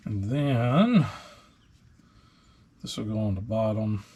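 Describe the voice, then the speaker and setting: A man's voice: fairly low pitch, takes it slowly, noisy background. A man hosting a truck repair video, chatting casually and filling gaps with ums while he works on parts in a garage. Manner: relaxed, chatty, talking while wrenching with many fillers. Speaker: host of a truck repair channel. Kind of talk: casual workshop talk-through.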